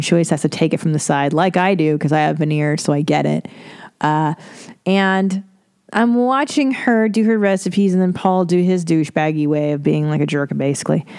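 A woman's voice: on the low side, a little mellow, clean tone, no room sound, clean studio sound. A woman hosting a podcast, rambling in a casual monologue full of profanity and sarcastic asides. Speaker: podcast host.

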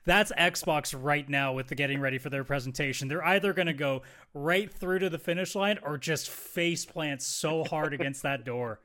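A man's voice: a little high, moderate pace, few pauses, bright, forceful tone. A man co-hosting a gaming podcast, rambling with lots of asides in casual chat. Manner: rambling, many fillers and asides. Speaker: podcast co-host.

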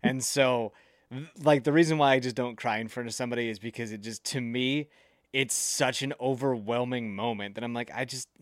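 A man's voice: mid-range voice, a little fast, dry recording, studio quality. A man co-hosting a podcast on a video call, rambling loosely, swearing freely and laughing often. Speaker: podcast co-host and producer. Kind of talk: casual chat.

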